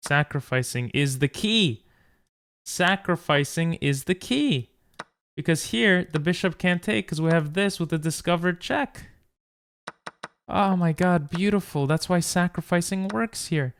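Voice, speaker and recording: Gravelly, frustrated man thinking aloud. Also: mid-range voice. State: tired from little sleep. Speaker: chess streamer. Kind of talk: casual game commentary.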